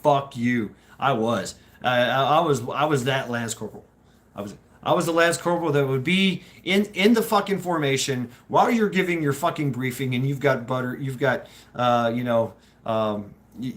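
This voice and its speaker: A man's voice: mid-range voice, fairly bright tone. A man speaking profane, laughing streamer host. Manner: profane, laughing, rambling with many restarts. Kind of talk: casual live-stream chat with viewers.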